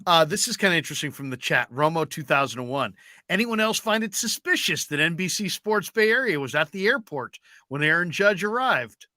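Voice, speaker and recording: Guy cohosting sports chat, bright punchy voice, bouncy pitch. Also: fairly quick, dry recording, clean studio sound. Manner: animated, joking, reads chat comments aloud. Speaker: podcast co-host.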